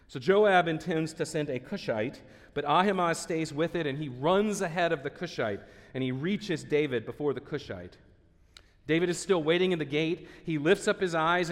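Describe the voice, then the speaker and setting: A man preaching a sermon as pastor, earnest, reading scripture and dropping to a hushed voice for sorrowful passages. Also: on the high side, big-room sound.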